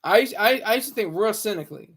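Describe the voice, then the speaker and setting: A man's voice: high voice, animated, quick pace, a bit bright, slightly rough. A man talking casually on a live stream, rambling with many stammered restarts.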